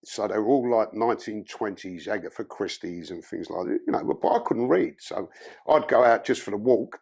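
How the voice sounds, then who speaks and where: Bloke, gravelly rough voice, low-ish, telling his story straight with plenty of swearing. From London. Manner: blunt, profane storytelling. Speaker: podcast guest. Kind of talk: candid life-story interview.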